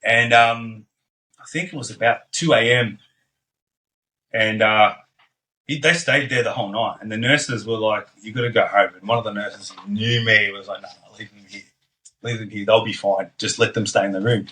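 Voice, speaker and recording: Bright-voiced man, laid-back and blunt. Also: on the low side, steady tone, normal speed, poor audio. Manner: blunt and laid-back, swears freely, frequent ums and likes. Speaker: podcast guest. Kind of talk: casual storytelling conversation.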